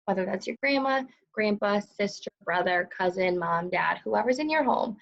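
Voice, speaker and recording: A young woman teaching a recorded lesson to second graders, speaking slowly, crisply and clearly in an encouraging way. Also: mid-range voice. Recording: slightly dull lo-fi recording.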